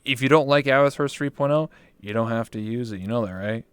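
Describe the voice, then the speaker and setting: A man's voice: medium pitch, quick pace, clear, resonant tone, dry recording. A young man hosting a casual interview chat, rambling and emphatic with lots of fillers. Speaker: talk show host.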